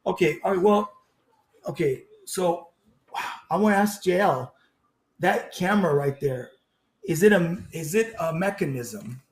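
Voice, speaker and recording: Taunting high-voiced man in an echoey room. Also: lively intonation, measured pace, long pauses. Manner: taunting, boastful, laughs at opponent. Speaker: debater. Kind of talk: heated online debate.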